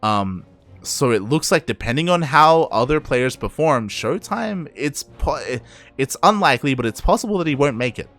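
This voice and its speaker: Young male caster, Australian accent with a Latin American lilt, tired, casual and loose, mid-pitched. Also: animated, normal speed, fairly bright tone, faint music behind. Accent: Australian with Latin American influence. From Australia, Peruvian parents. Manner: rambling, self-correcting, chuckles often. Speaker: esports caster. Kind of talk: casual stream wrap-up chat.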